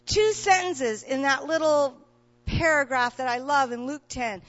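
A woman preacher with a high voice delivers a dramatic sermon, acting out the story and building to fervent, tearful appeals. The recording is a little dull and muffled. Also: a little slow, a bit bright. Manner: retells a scripture story dramatically, voicing the characters; builds to impassioned, near-tearful pleading.

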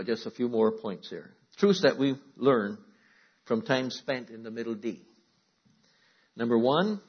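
A man preaching a sermon to a congregation, calling out to the room and moving between loud emphatic lines and quiet asides. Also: medium pitch, breathy edge, dull audio. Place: church.

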